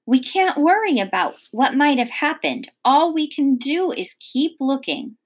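A woman reading aloud and voicing a calm preacher father reassuring his daughter. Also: high-pitched, a little slow, voice pushed up.

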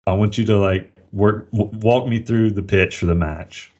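A man hosting a podcast in casual chat, playful and quick to laugh. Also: fairly low pitch, a little mellow, highs cut off. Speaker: podcast host.

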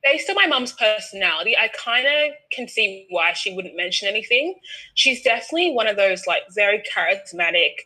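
Young Australian woman, animated storyteller, bright tone, average pitch. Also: brisk, rough recording. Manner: lively, laughing, acts out quoted voices. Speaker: podcast guest. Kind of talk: casual storytelling.

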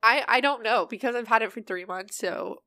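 A woman's voice: fairly high pitch, normal speed, sharp tone, no echo. A young woman co-hosting a podcast, her nose stuffy from allergies. She chats openly and easily. The voice is close and dry, with no room sound around it. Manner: chatty, candid, laughs often. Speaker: podcast co-host. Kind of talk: casual chat.

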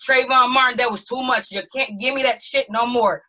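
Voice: medium pitch, fairly even intonation, fairly quick, pushed and bright, rough recording. A speaker in a casual group discussion, talking emphatically and bluntly and stressing points with a firm "period". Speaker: panel participant.

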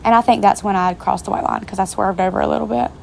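A woman's voice: medium pitch, steady tone, fast talker, gravelly, slight background noise. Chatty, swearing young woman telling a story. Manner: chatty, profane, speaking straight to viewers. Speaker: vlogger. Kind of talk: casual storytime vlog. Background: faint rain.

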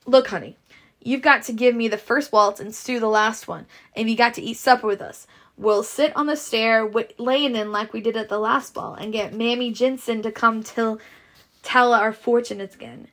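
A woman's voice: a little high, normal speed, a bit bright. A woman reading a story aloud and voicing eager young male twin suitors in a boyish, pleading manner.

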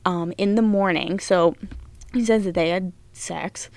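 A young woman hosting a casual true-crime podcast, chatty and animated, swearing often as she retells events. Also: fairly low pitch, unhurried, no echo. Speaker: podcast host.

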